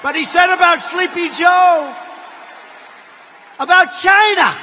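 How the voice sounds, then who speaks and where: Man shouting a rally speech in a hall. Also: very high-pitched, lively intonation, unhurried, slight background noise. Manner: emphatic, repetitive, often shouting; mocking asides. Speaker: politician at a rally. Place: large rally venue. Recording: long reverb of a big hall.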